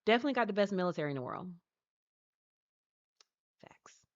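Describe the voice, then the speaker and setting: A woman's voice: mid-range voice, big pitch swings, racing, lo-fi sound. A woman chatting casually on a live stream, rambling, answering her chat and laughing often. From United States.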